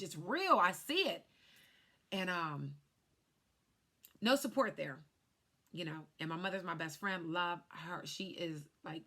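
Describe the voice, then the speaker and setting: A woman's voice: mid-range voice, sharp tone. A woman who works as a life insurance agent, casually telling viewers her personal story in a chatty vlog. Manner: chatty, speaks straight to viewers.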